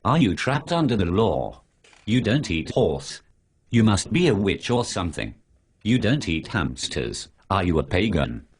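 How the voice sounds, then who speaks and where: A man's voice: deep voice, very animated, a little slow, slightly rough, exaggerated voice. A male synthetic voice playing a sarcastic superhero who lectures his friend about refusing pork, reeling off lists of things. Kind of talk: synthetic animated dialogue.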